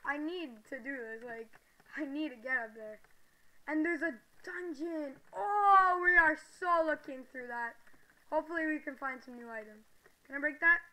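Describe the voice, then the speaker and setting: High-pitched woman doing game commentary, super bright tense tone, easily excited. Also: normal speed, poor audio. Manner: excitable, shrieks and exclaims at surprises. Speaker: gaming video creator. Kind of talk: gameplay commentary.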